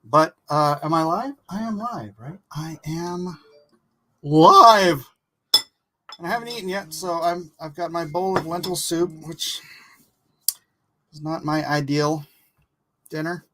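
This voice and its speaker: A man's voice: fairly high pitch, a little slow, noisy background. A man hosting a casual art livestream, chatting loosely and laughing easily while he eats. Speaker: livestream host.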